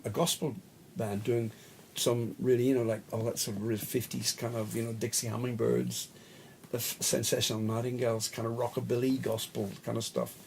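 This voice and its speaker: Middle-aged Australian male, gravelly, chatty anecdotal storyteller, mid pitch. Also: darkish tone, a little hiss or hum. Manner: rambling anecdotal storyteller, laughs often, acts out quotes. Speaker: guest musician, bass player. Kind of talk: casual storytelling interview.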